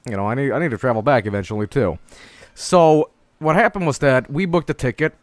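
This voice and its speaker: A young man casually telling stories on a stream, halting and swearing, breaking into laughter. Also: medium pitch, no echo. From Sweden.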